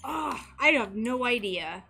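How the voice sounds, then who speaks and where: A woman's voice: a little high, expressive, unhurried, vocal fry, pushed and bright, breathy edge. A woman chatting casually and giggling as she works on stained glass during a live stream, reading out messages from her viewers. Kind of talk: casual live-stream chat while crafting.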